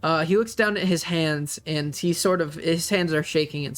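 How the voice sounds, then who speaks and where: A man's voice: a little high, moderate pace, few pauses, fairly bright tone, faint music behind. Rambling male game master. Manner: rambling, many fillers, does voices. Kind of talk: narrating a tabletop game.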